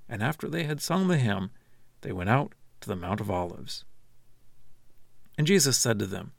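A man narrating a scripture reading in a steady, measured way. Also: medium pitch, gravelly, no room sound, studio quality. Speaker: scripture reader.

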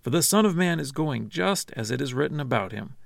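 Jesus, grave and measured, read by a man. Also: mid-range voice, lively intonation, creaky, dry recording, studio quality. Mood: solemn. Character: calm grave male teacher, Jesus. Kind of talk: scripture reading.

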